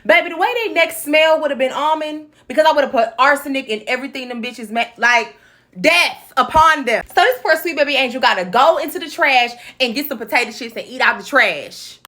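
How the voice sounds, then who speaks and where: A woman's voice: sits high, animated, quick pace, hardly any pauses, bright, forceful tone. A woman giving a profane, sassy comedic recap of a movie in slang-heavy storytelling. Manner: uses Black American slang.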